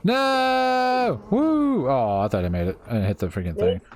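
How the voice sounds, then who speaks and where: A man's voice: low voice, rapid-fire, warm tone. A man streaming a game, telling stories in a loose, profane, laid-back way and laughing often. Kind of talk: casual storytelling while gaming.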